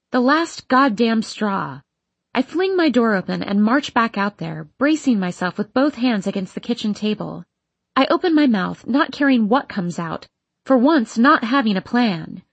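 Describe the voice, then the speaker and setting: A woman's voice: a little high, creaky, husky, dry recording. A woman narrating a first-person teen novel in an audiobook, reading in an emotional, intense way. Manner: emotional, intense, voicing an upset teenage girl.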